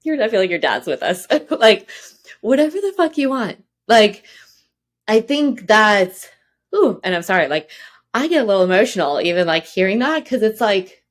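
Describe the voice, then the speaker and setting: A woman's voice: mid-range voice, a little fast. Effusive woman podcast host. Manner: effusive and expressive, animated reactions. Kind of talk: casual interview chat.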